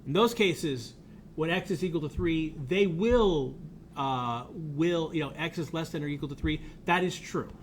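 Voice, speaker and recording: A man's voice: a little high, a little slow, slight background noise. A man teaching a college game development class, explaining in an informal way, thinking aloud and often repeating himself as he works through each point. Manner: blunt about tools he dislikes. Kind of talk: recorded classroom lecture.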